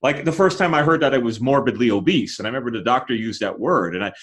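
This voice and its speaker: A man's voice: mid-range voice, expressive, quick pace, a bit bright. A man hosting a podcast who chats casually and jokes, often restarting his sentences. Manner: chatty, joking, many restarts. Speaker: podcast host.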